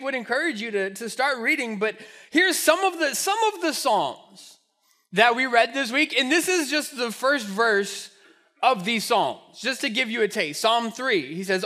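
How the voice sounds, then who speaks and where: A man preaching a sermon in a relaxed, conversational way. His voice sits very high and sounds bright and forceful. He often restarts phrases and adds rhetorical asides. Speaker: pastor.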